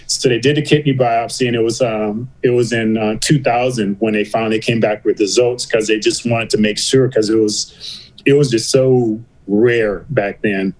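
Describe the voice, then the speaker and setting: A man's voice: fairly low pitch, steady tone, normal speed, darkish tone, rough recording. A middle-aged man, a podcast guest, telling a personal story in a candid conversational way and acting out his talks with doctors in quoted back-and-forth.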